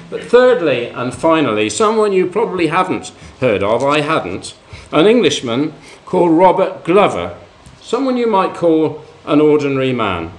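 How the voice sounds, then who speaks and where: A man preaching a sermon, telling life stories, rising for emphasis and dropping low at the end of each point.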